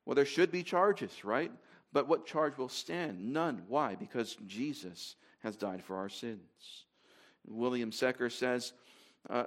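A man's voice: medium pitch, slow pace. Man preaching a conversational sermon. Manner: conversational, with fillers and restarts, reading scripture aloud.

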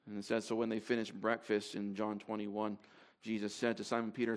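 A man's voice: lowish voice, flat delivery, fairly quick. A man preaching to a congregation in a conversational way, with fillers and restarts as he reads scripture aloud. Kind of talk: sermon.

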